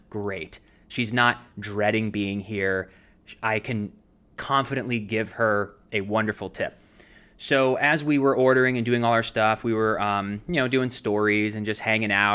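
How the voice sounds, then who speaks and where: A man in his thirties, an actor who co-hosts a podcast, tells a long anecdote during a casual storytelling chat. His retelling is animated and rambling, heavy with fillers. His voice is smooth and on the low side.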